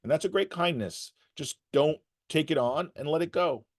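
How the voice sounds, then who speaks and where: Speaking to emergency workers as a guest speaker on resilience, this man offers advice through stories, acting out the characters' quotes with animation. He has a fairly high-pitched voice and a moderate pace.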